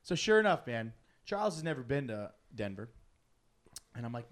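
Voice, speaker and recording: Animated, laughing male storyteller. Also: medium pitch, normal speed, pauses often. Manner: animated, laughs often, acts out friends' lines. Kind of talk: casual storytelling chat.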